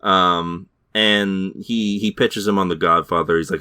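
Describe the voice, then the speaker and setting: A deep-voiced man rambles through a show recap on a podcast, now and then slipping into mocking voices for the characters. His voice sits very low, and the sound is close and dry. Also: fairly even intonation, unhurried, few pauses, bright, forceful tone, smooth, dry recording. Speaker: podcast host. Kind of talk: casual chat recapping a TV show.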